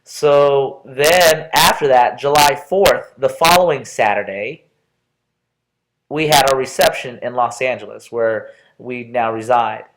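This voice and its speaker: A man's voice: mid-range voice, unhurried, fairly bright tone, poor audio. Chatty young man telling a story. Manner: rambling, restarts, conversational asides. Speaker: student introducing himself. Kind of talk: casual personal story to a class.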